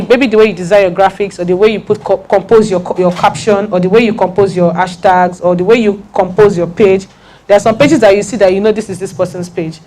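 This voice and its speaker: An emphatic woman speaks to a room of listeners in a lively talk. She presses her points home by saying them again and again, and she checks that the audience is following her. Her voice sits at an everyday middle pitch. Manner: emphatic, repeats key points, laughs and jokes with the audience. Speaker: speaker giving a talk on personal branding.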